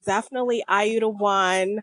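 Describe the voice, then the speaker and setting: A woman, a chatty podcast guest who fills pauses with drawn-out hmms. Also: medium pitch, steady tone, a bit bright, dry recording. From Rhode Island, USA. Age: 30s. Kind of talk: casual podcast chat.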